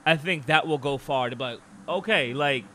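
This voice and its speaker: A man co-hosting a casual podcast, animated and opinionated, often slipping into quick impressions of what other people would say. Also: medium pitch, a little hiss or hum. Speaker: podcast co-host.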